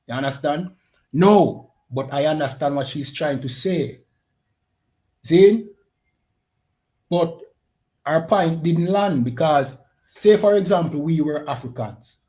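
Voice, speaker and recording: A man hosts a radio show, delivering forceful, sermon-like commentary. His voice sits a little higher than most men's, and he keeps pausing to ask whether the listener understands. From Jamaica. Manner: emphatic, keeps asking "you understand?". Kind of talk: preaching commentary on a played clip.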